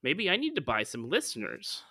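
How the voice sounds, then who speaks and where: A man's voice: a little high, wildly swooping pitch, normal speed, sharp tone, no echo, clean studio sound. Incredulous man hosting a comedy podcast. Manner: incredulous, exasperated interviewer. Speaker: podcast host. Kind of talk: improvised comedy podcast sketch.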